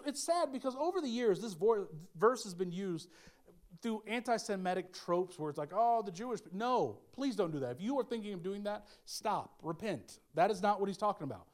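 A man's voice: high-pitched, a little mellow. A young adult man, a pastor, preaching a sermon in a conversational, emphatic way with frequent asides.

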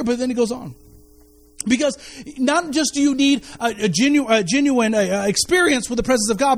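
A man preaching a sermon as a pastor, animated and repeating his key phrases, often restarting words mid-sentence. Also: extremely high pitch, a little fast.

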